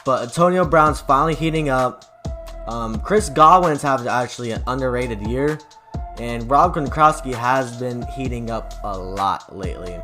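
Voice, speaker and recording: A man's voice: mid-range voice, moderate pace, pushed and bright, faint music behind. A young man hosting a sports channel, giving casual football predictions in a rambling, offhand way. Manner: rambling, offhand, loose with fillers and restarts.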